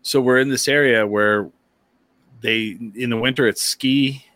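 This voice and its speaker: A man hosting a podcast, telling stories in a casual, lively way and slipping into voices when he quotes people. His voice is bright and forceful, recorded close and dry. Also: medium pitch, unhurried, dry recording. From near the Texas border, eastern New Mexico. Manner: animated storyteller, does voices in quotes. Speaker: podcast host. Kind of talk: casual chat, storytelling.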